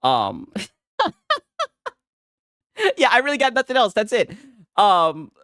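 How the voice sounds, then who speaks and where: A man's voice: sits high, sing-song, slow pace, sharp tone, dry recording, studio quality. A young man ranting in casual commentary, rambling and profane, tagging nearly every line with "right?". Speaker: streamer.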